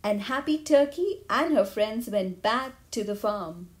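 A woman narrating a children's picture book aloud, in a clear, even storytelling manner. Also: medium pitch, a little slow.

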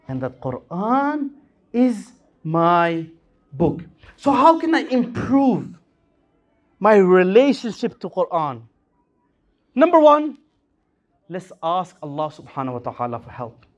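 Male preacher at a lectern mic, fervent sermon voice that swoops high and low. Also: big pitch swings, slow, long pauses, lo-fi sound. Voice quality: impassioned, rising and falling delivery. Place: Islamic center hall.

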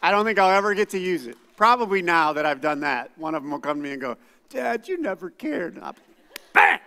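A middle-aged pastor preaches with a lively, expressive delivery. He drops to quiet asides, then rises into loud outbursts. His high, bright voice rings through a church hall with a long reverb. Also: quick pace. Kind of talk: sermon. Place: church sanctuary.

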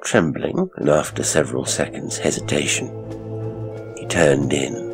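Man, extremely low voice, gravelly, storytelling narration, faint music underneath. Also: expressive. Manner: measured, deliberate storytelling. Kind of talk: scripted horror story narration.

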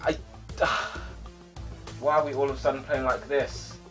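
A young man giving live commentary on his own football video game match, excitable, yelling at his players and sighing in frustration. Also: mid-range voice, moderate pace, soft background music. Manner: excitable, shouts at players, swings to frustrated sighs. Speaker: gaming YouTuber.

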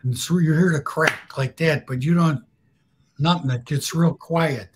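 Man, husky voice, slightly high pitch, casual storyteller, blunt, swears freely. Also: measured pace. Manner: blunt, swearing, laughs at his own stories. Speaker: guest storyteller.

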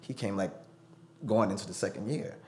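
A man's voice: lowish voice, normal speed, a little hiss or hum. A man telling a personal story as a studio guest, acting out the voices he quotes. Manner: animated, acts out quoted voices. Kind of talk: storytelling interview.

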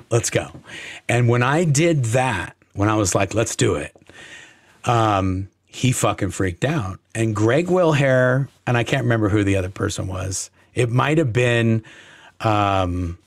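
A man as a podcast guest, telling a story in a blunt, profane, animated way. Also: mid-range voice, no echo, studio quality. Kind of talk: casual storytelling interview.

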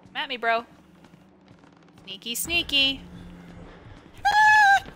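A woman's voice: high voice, animated, a little slow, very noisy. A young woman streaming a game live, chatting to the game and greeting her viewers. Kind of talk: live gameplay commentary.

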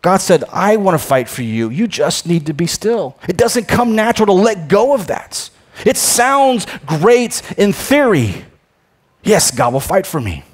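Emphatic preacher man, somewhat high voice. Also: big pitch swings, measured pace. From United States. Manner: emphatic, swings between loud proclamations and quiet, low asides; repeats words when starting a phrase. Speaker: pastor. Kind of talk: sermon.

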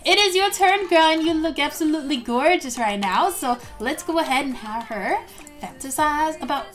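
A woman giving excited, gushing commentary over a life-simulation game, gasping often and voicing quick asides for the characters. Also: high voice, faint music behind. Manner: bubbly and gushing, frequent gasps, quick quoted character asides. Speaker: gaming YouTuber narrating gameplay. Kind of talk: excited let's-play commentary.

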